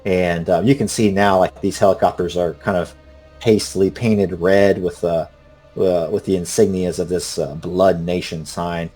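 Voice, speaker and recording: A man's voice: sits low, fairly even intonation, normal speed, warm tone, soft background music. A man running a tabletop game as game master, narrating in a loose, rambling way with many fillers.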